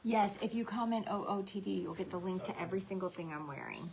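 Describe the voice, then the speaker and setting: A woman's voice: mid-range voice, fast talker, gravelly, darkish tone, slight background noise, rough recording. A middle-aged woman hosting a live craft tutorial, chatting and greeting viewers by name while keeping her voice down so a baby can sleep. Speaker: craft livestream host.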